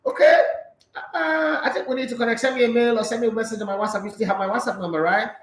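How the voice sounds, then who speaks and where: High-voiced Nigerian man, playful host. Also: steady tone, very fast, slight background noise. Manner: playful, jokey, talkative. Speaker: sports show host. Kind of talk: casual live-stream chat reading viewer comments. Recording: echoey room sound.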